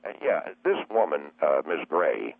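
A man's voice: rumbling low, very animated, vocal fry, no room sound, voice pushed down, full character voice. A man voicing a forgetful older caller who rambles and stalls with lots of uhs, heard over a phone line. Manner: halting, full of uhs.

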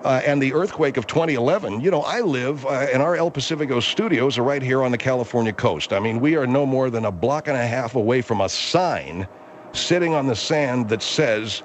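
A man's voice: medium pitch, a little fast, a little hiss or hum. A man hosting a talk radio show from a studio, chatty and trying to keep two guests in line. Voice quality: easygoing, chatty, mediating. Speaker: radio host.

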